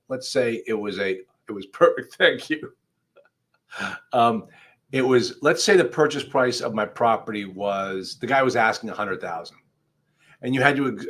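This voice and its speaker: A man's voice: mid-range voice, a bit bright. A man, an attorney, hosting a live online law class in a conversational, emphatic way, speaking straight to his viewers. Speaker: attorney host. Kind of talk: livestream legal class.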